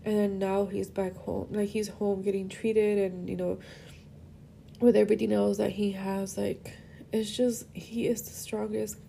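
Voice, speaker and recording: A woman's voice: medium pitch, little pitch movement, measured pace, gravelly, mellow, a little hiss or hum. A young woman hosting a podcast, talking about her father in a rambling, emotional monologue, tearful at times and slipping between English and Spanish. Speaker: podcast host. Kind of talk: personal monologue.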